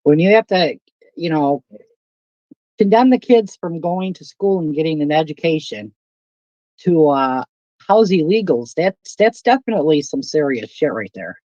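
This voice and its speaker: A blunt, foul-mouthed guest on a livestream call, lively in pitch and heavy on emphasis. The voice comes through dull and lo-fi, with a dry, close sound. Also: unhurried, no echo.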